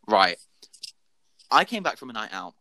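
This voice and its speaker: A man's voice: fairly low pitch, big pitch swings, moderate pace, sharp tone, no room sound. A young man co-hosting a podcast, telling a dramatic, sweary story in a casual chat. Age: young adult. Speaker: podcast co-host.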